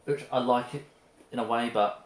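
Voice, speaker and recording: A man's voice: mid-range voice, fairly even intonation, moderate pace. A man co-hosting a casual mealtime chat, often stopping and restarting his phrases. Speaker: co-host. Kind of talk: casual chat over a meal. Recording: roomy echo with faint noise.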